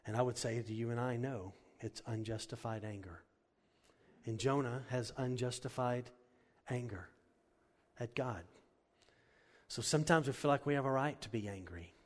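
A man's voice: medium pitch, moderate pace. Man preaching, earnest and punchy, mid voice, big echoey hall. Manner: earnest, conversational, emphatic. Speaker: pastor. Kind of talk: sermon.

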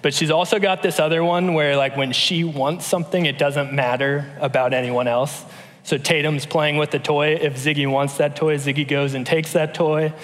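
A man in his thirties delivers a relaxed, story-driven sermon, stumbling into restarts and fillers as he talks. His voice sits a little high for a man. A long reverb from the big hall trails behind every phrase. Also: moderate pace. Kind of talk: conversational sermon.

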